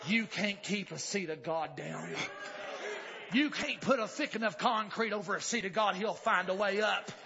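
High-voiced man preaching a revival sermon, tells a story then shouts out, muffled old lo-fi recording. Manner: storytelling, rising to shouted exclamations.

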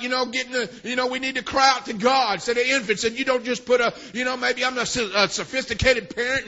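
A male preacher with a strikingly high, piercing voice delivers a sermon. He punctuates his phrases with "amen" and swings between low asides and shouting. The recording sounds dull and lo-fi.

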